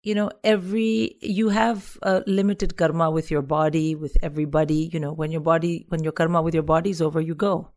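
A middle-aged woman with a soft, soothing voice, chatting reflectively as a podcast guest. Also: sits low, flat delivery, a little fast, few pauses. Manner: reflective, rambling with restarts. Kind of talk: casual chat.

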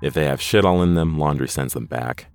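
A man voicing an intimidating, swaggering male nursing aide with a rumbling voice and a cool, quietly threatening manner. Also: brisk, clear, resonant tone, no echo, faint music behind.

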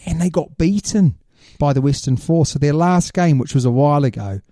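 A man's voice: on the high side, moderate pace, mellow, no room sound, clean studio sound. A man co-hosting a casual sports chat, full of teasing jokes and banter. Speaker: podcast co-host.

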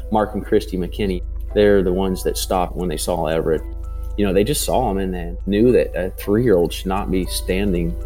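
Low, dark-voiced man recounting slowly. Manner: halting, full of fillers and restarts. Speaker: father telling his rescue story. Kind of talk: interview testimony.

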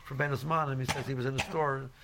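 A man's voice: mid-range voice, steady tone, quick pace, noisy background. A man giving an informal religious lecture as a Torah class teacher, rambling with many "you know"s and restarts and mixing Hebrew and Yiddish terms into his English.

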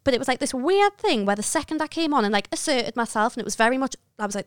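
Fast-talking northern English woman. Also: fairly high pitch, smooth, no echo, studio quality. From northern England. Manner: animated storytelling, swears freely. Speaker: stand-up comedian, podcast guest. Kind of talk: casual podcast chat.

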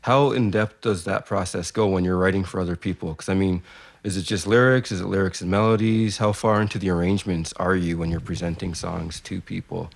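A male podcast host with a very deep, gravelly voice. He asks a guest long, relaxed questions built from several parts, in a casual interview setting. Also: a little fast.

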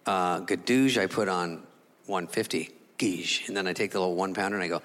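A middle-aged man performing a stand-up routine, telling a self-mocking story in a sarcastic way with quick voices for others. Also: deep voice, fairly bright tone. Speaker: stand-up comedian. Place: large theater stage before a laughing audience. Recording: live hall with crowd noise.

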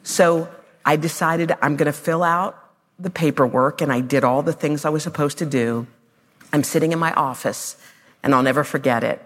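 A woman's voice: low voice, moderate pace. Heartfelt woman host, hall echo. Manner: warm storytelling, emphatic and heartfelt. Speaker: TV host interviewing. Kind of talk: conversational interview on stage. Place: stage before a live audience.

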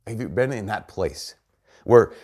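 A priest with a fairly low male voice delivers a homily. He tells the story earnestly and leans hard on the key phrases. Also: lively intonation, measured pace, a little mellow.

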